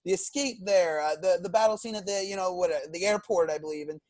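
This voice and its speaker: A man co-hosting a casual film podcast, talking in halting bursts full of "you know" and restarts. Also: high voice, darkish tone, dry recording. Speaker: podcast co-host.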